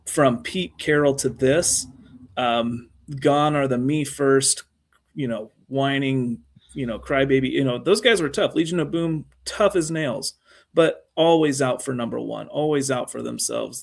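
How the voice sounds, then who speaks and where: A man's voice: mid-range voice, unhurried, gravelly. A man co-hosting a casual sports talk show, rambling through his points with many fillers and restarts. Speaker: co-host.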